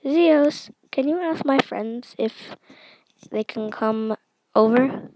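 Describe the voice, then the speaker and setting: A woman's voice: on the high side, slow, heavy background noise. A girl voicing a lonely young female warrior pup who begs to be included. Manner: whiny, begging.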